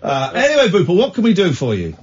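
A man's voice: high voice, wildly swooping pitch, fast talker. A man hosting a late-night radio phone-in, playful and teasing, with mock outrage. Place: radio studio. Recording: muffled radio broadcast.

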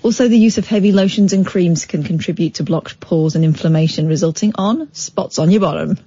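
A woman's voice: lowish voice, fairly quick, mellow, slightly rough, no echo, muffled recording. A woman co-hosting a radio show, reading a silly news story aloud playfully while trying to keep a straight face. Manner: giggly, playful, keeps breaking into laughter. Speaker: radio co-host.

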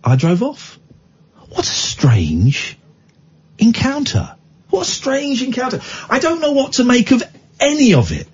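Husky man telling a lively story. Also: very high voice, a little slow. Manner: lively storyteller who acts out the people in his stories. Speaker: radio phone-in host. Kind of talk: casual talk radio storytelling. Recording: dull lo-fi radio broadcast.

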